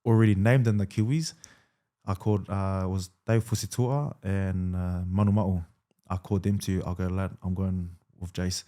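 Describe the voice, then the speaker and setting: A man in his thirties, a rugby league player, telling his story in a relaxed interview, full of fillers and quoted dialogue. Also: low voice, normal speed.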